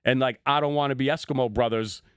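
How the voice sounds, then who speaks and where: A man's voice: mid-range voice, fairly even intonation, quick pace, clear, resonant tone, no echo, studio quality. A man co-hosting a podcast, chatting casually in a rambling, profane, joking way as he tells stories. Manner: rambling, profane, jokey storytelling. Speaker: podcast co-host. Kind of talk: casual chat.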